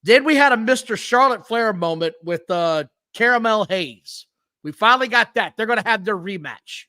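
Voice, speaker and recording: A man's high-pitched, clean-toned voice moves at a moderate pace on a low-quality recording without room sound. As a co-host on a relaxed wrestling podcast, he shares match stories with energetic, blunt, profane animation.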